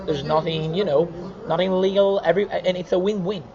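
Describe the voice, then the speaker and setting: A man with a fairly high voice tells stories with lively energy, stumbling and restarting as he goes. The recording is muffled and slightly dull, with a loud crowd murmuring behind him. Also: fairly quick. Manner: animated storyteller, many restarts and repeated words. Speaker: comic artist guest. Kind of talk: casual interview.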